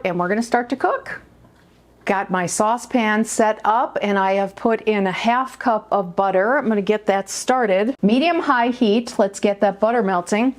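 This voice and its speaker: A woman hosting a home cooking show, chatting casually as she explains each step at the stove in her kitchen. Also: medium pitch.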